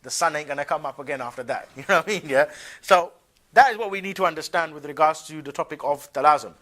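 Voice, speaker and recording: Slangy, higher-voiced man lecturing. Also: fast talker, pushed and bright. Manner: conversational, colloquial, keeps asking "yeah?"; mocking asides with short laughs. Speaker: religious lecturer. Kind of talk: religious lecture to a class.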